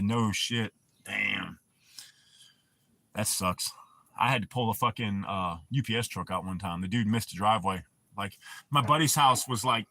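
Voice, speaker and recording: A man's voice: fairly low pitch, creaky, bright, forceful tone. A man hosting a livestream, telling profane, rambling stories in casual talk and answering his chat. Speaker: livestream host.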